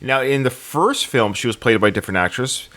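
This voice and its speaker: A man's voice: mid-range voice, lively intonation, brisk, a bit bright. A man co-hosting a film podcast, chatting casually and joking about trivia. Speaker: podcast co-host.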